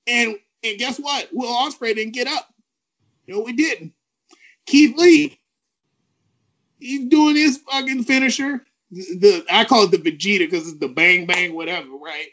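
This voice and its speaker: A man co-hosting a podcast, ranting with animated, profane emphasis. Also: high voice, normal speed, muffled recording. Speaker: podcast co-host. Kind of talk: ranting wrestling podcast talk.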